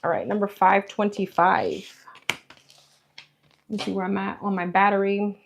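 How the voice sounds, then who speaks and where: A woman's voice: mid-range voice, level tone, normal speed, creaky. A woman with a New York accent doing a live-stream tarot reading on her phone, chatting casually with viewers. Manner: chatty, addresses viewers as girl and guys. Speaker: tarot reader. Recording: echoey room, faint hiss.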